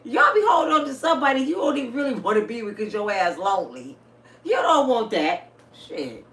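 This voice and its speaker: A woman in her fifties talking casually and bluntly to her viewers, telling stories with salty, animated energy. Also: a little high, brisk. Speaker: vlogger. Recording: roomy, a bit distant, faint hiss.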